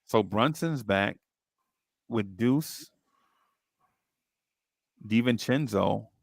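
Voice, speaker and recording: A man's voice: lowish voice, lively intonation, drawn-out words, vocal fry, no echo, clean studio sound. A man hosting a casual basketball watch-along who reads out chat comments and calls plays as they happen, with a teasing manner. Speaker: podcast host reading chat.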